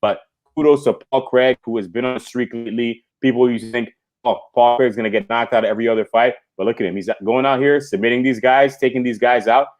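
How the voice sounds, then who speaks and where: A man's voice: medium pitch, fairly even intonation, fast talker, darkish tone. A man co-hosting a casual fight recap podcast, enthusiastically breaking down fights in detail. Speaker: podcast co-host.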